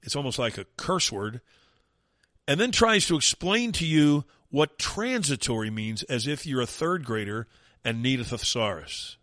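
A man's voice: mid-range voice, expressive, measured pace, a bit bright, no echo, studio quality. A man hosting a talk radio show, delivering a sarcastic, mocking rant in an opinionated monologue.

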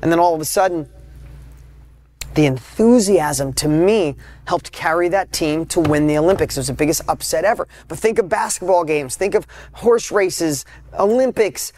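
A man hosting a motivational podcast, talking casually and emphatically, with sudden loud high peaks between quieter asides. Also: normal speed, no room sound. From United States. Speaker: podcast host. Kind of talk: motivational talk.

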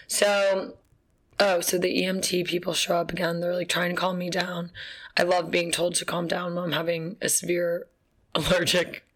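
Young woman vlogger, low flat voice with vocal fry, chatty and laughing through her story. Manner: chatty, frequent fillers and laughs, swears casually. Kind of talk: casual storytelling.

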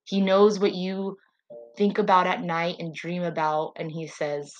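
A woman's voice: fairly low pitch, little pitch movement, measured pace, dull audio, soft background music. A woman hosting a solo faith podcast, talking in an earnest, prayerful and heartfelt way. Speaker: podcast host.

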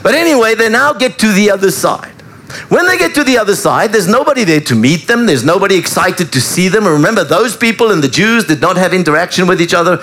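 A man preaching a sermon, retelling a story in an animated storytelling manner. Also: high voice, fast. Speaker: pastor.

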